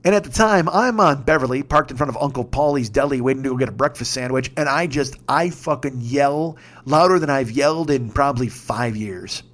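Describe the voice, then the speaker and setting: A man in his fifties telling a story in a casual monologue, profane and excitable, breaking into shouts. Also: medium pitch, fairly quick, hardly any pauses. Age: 50s. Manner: profane, excitable, shouts when reliving moments. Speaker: podcast host.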